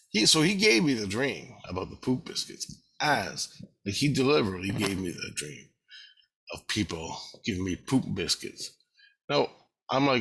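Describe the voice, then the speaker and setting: Gravelly low-voiced man rambling. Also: animated, normal speed, a bit bright. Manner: profane, repetitive storytelling. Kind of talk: rambling personal monologue.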